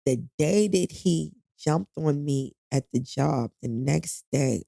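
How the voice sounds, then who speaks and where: Middle-aged woman on a podcast spilling her story, cusses a lot, low mellow voice. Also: slow pace, creaky, hardly any pauses, no echo. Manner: blunt, profane, emphatic retelling. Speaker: podcast guest. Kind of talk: emotional personal storytelling.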